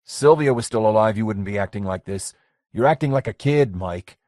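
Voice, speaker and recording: A man's voice: lowish voice, normal speed, darkish tone, no echo, clean studio sound, natural voice. A man voicing a blunt, skeptical businessman. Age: 40s. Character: blunt, skeptical middle-aged businessman friend.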